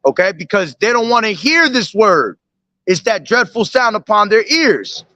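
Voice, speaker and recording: High, bright-voiced man street preaching. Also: big pitch swings, no echo, lo-fi sound. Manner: reads verses slowly then explains with repeated "okay?" and "all right?". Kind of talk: street preaching, reading and explaining scripture.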